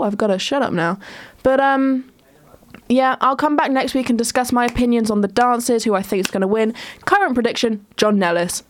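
Young woman, solo podcast host, rambling casual chat, a touch high-pitched, dry close sound. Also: no room sound. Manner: chatty, rambling, frequent ums and restarts.

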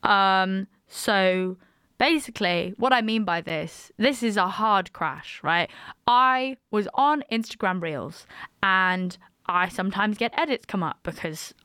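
A woman's voice: mid-range voice, takes it slowly, pushed and bright, smooth, no room sound, clean studio sound. A young woman hosting a radio show, chatting casually and self-mockingly and laughing often. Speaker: radio host. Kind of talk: casual on-air chat.

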